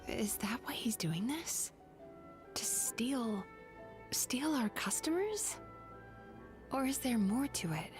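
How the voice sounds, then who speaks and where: Slow, calm game heroine, voiced by a woman. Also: on the high side, music in the background. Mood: hushed.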